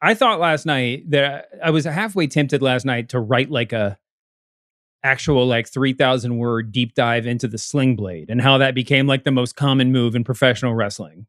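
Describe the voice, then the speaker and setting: In a dry, clean studio recording, a podcast co-host speaks at normal speed with a mid-range, fairly bright voice. His casual talk rambles, breaks off mid-thought, and is full of fillers.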